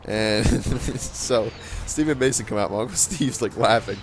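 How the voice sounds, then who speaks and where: A man's voice: mid-range voice, a little slow, background noise. A man casually telling a rambling story with frequent chuckles and fillers, as a gaming channel host. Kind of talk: casual storytelling over gameplay.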